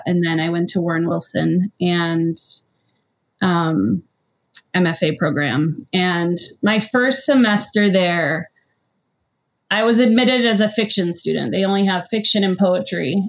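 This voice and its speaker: A woman author being interviewed, answering modestly and hesitantly, with many fillers. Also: on the low side. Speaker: author, guest.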